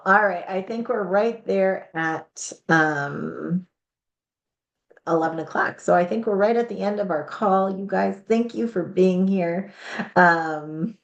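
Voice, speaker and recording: Woman host, lowish voice, frank upbeat advice, echoey room. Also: vocal fry, highs cut off. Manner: frank, upbeat, talks through ideas with restarts. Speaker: host giving publishing advice. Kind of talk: live Q&A advice chat.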